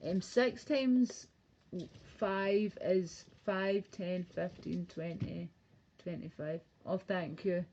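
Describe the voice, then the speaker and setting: A woman's voice: lowish voice, fairly even intonation, slow, warm tone, slight background noise. A young woman chatting casually and crudely on a home live stream, rambling and laughing. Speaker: livestreamer. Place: home bedroom. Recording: dull lo-fi stream audio.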